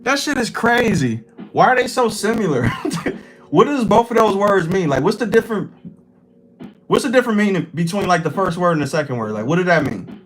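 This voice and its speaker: A man with a somewhat high voice streams live, talking off the cuff to his chat. He rambles and swears freely in a loose, casual way. Soft music plays faintly underneath. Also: animated, a little fast, low-quality recording. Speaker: livestream host.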